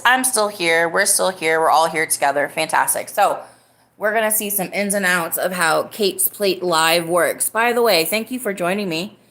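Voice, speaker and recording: A woman's voice: on the low side, fairly bright tone, reverberant. A woman hosting her own live-stream podcast, talking casually and greeting viewers in the chat. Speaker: livestream podcast host.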